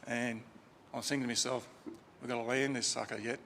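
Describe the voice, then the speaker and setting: Aussie guy with a gravelly voice rambling through a story at a funeral, long echo in the chapel. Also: mid-range voice, fairly even intonation, brisk, a bit bright, a little hiss or hum. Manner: chatty anecdotal, with fillers and restarts. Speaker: funeral eulogy speaker. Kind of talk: informal storytelling eulogy. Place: crematorium chapel. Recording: reverberant chapel, faint ambience.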